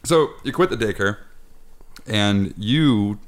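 A man hosts a podcast with his father, telling family stories casually, full of swearing and laughter. His voice is lowish and expressive, and he speaks slowly.

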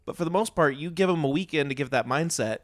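A man in a casual podcast chat, speaking in a measured, thoughtful way. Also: on the high side.

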